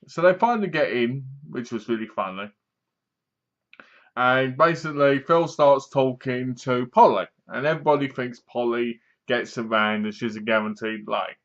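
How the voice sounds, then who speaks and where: A man's voice: on the high side, a bit bright. A man casually reviewing a film to his webcam, retelling the plot in a rambling way and laughing at the jokes. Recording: dull lo-fi webcam audio.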